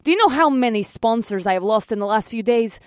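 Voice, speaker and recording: A woman's voice: fairly high pitch, expressive, a little fast, no echo, clean studio sound, close to an everyday voice. Woman doing a haughty Russian superheroine. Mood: indignant. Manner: haughty, disdainful. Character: vain, self-centered Russian superheroine, adult woman. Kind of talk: audiobook character voice.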